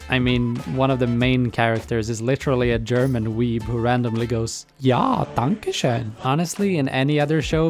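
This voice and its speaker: A man at a middle pitch talks through a scripted video essay on anime. His delivery is casual and irreverent, and he drops swear words freely. Music plays faintly under his voice. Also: creaky, darkish tone.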